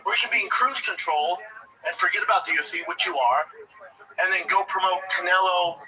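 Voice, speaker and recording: A man's voice: high-pitched, steady tone, brisk, sharp tone, a little hiss or hum, low-quality recording. Fired-up profane man ranting. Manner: profane, blunt, indignant. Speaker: livestream host. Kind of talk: heated commentary rant.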